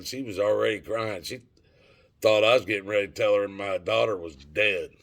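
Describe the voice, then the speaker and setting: A man's voice: on the low side, moderate pace, creaky, a bit bright. A middle-aged man telling a story and ranting to his viewers in a rambling, profane, casual way. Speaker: vlogger.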